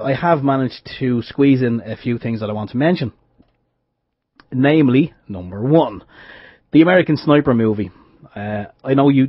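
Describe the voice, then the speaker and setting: A man's voice: medium pitch, breathy edge, dry recording. A man co-hosting an internet radio show, talking in a rambling, hesitant way with many restarts. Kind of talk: casual radio chat. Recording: dull lo-fi internet radio audio.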